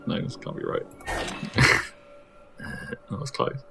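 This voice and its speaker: A man's voice: slow pace, music in the background. A man playing a puzzle game and chatting casually, joking around and muttering nonsense sounds while he thinks. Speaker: player of the game. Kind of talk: casual gameplay chat.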